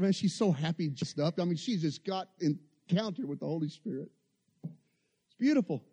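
A man preaching a sermon, telling stories and building to impassioned, loud peaks. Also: fairly high pitch, expressive, normal speed, husky.

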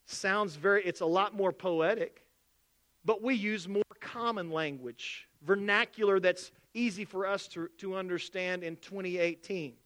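High, bright-voiced preaching man. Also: measured pace. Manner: animated preaching, acts out skeptics' voices. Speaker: pastor. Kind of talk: sermon.

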